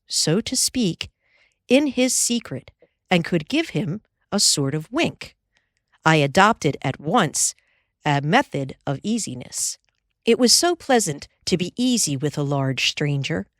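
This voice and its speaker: Slow, expressive woman audiobook narrator. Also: sits low, dry recording, clean studio sound. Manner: measured, expressive storytelling.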